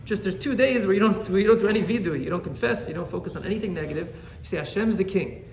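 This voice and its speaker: A man, a rabbi, teaching an animated Torah class and often checking in with "right?". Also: high-pitched, quick pace, creaky, roomy sound, slight background noise.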